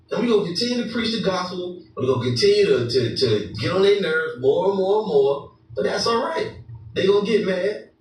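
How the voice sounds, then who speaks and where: A man preaching a combative, mocking sermon, switching to slow, solemn scripture reading. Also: fairly high pitch. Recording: very echoey room, voice far from mic, faint noise.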